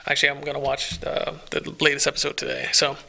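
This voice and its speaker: Gravelly, bright-voiced man rambling eagerly. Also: on the high side, little pitch movement, fast talker. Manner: rambling, many restarts, enthusiastic recommending. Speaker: podcast co-host. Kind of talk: casual chat.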